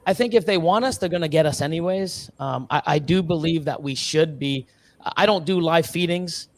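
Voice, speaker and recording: A man from Canada talking casually on a live stream, rambling earnestly with many restarts and fillers, sometimes mimicking other people in quick bursts. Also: fairly high pitch. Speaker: reptile breeder guest.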